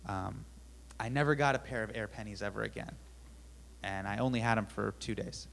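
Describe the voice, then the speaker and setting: A young man telling a self-deprecating personal story on a theater stage, animated and with sudden loud bursts. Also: lowish voice, fairly quick, gravelly, heavy background noise.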